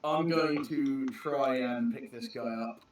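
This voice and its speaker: A man playing a tabletop game, eager and quick to suggest plans. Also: medium pitch, heavy reverb, recorded from a distance, over a noisy crowd, low-quality recording. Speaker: player.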